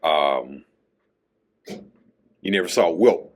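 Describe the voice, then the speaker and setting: A man's voice: rumbling low, lively intonation, drawn-out words. A man hosting his own show, talking through a casual solo monologue and tagging his points with a questioning "okay?". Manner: chatty, tags lines with "okay?". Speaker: podcast host.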